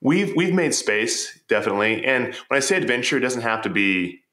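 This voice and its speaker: A man's voice: medium pitch, expressive, a little fast, bright, forceful tone, reverberant. A man telling stories as a podcast guest, earnest and reflective, often repeating words as he starts a thought. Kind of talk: storytelling in conversation.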